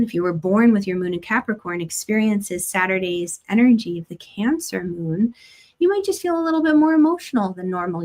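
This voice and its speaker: A woman astrologer talks through a weekly forecast in a casual, chatty way. Her voice sits at an ordinary middle pitch, and she drops in plenty of "like" fillers and soft laughs as she explains. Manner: chatty and gentle, many "like" fillers, light laughs. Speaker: astrologer host. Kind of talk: casual spiritual forecast talk.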